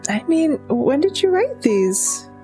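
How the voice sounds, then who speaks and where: Woman doing a touchy younger bard sister, high voice, bouncy pitch, accusing. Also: sing-song, slow, mellow, faint music behind, full character voice. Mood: defensive. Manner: defensive, accusing. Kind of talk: in-character tabletop role-play.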